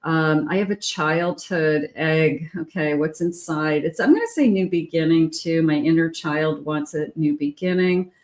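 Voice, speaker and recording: A woman doing a tarot reading in a gentle, chatty way, with many fillers and pauses. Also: low-pitched. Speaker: tarot reader.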